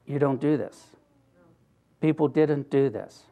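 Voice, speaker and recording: A man's voice: medium pitch, takes it slowly, mellow. An older man giving an earnest, conversational talk, telling a personal story with wry asides. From Pennsylvania, US. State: briefly choked up. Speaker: speaker.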